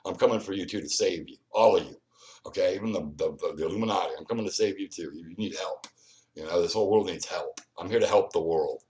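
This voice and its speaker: A man with a deep, slightly mellow voice and a quick pace hosts his own video, rambling confrontationally right at the viewer. It's a solo vlog monologue full of repeats and restarts.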